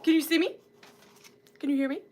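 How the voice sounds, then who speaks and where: Hosting a live sale of antique and vintage goods, a woman chats casually, greets viewers by name and pokes fun at herself. Her voice sits high and moves briskly, with a slight hiss or hum in the audio.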